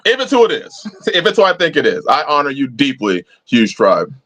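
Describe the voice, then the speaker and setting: A man's voice: medium pitch, huge pitch swings, fairly quick, a bit bright. A man hosting a live-chat stream, talking casually and preachily, swearing freely as he answers viewers. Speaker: livestream host.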